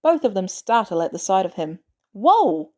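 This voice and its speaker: A woman reading a fan story aloud as a podfic narrator, in a measured, even storytelling manner. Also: mid-range voice. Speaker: podfic reader.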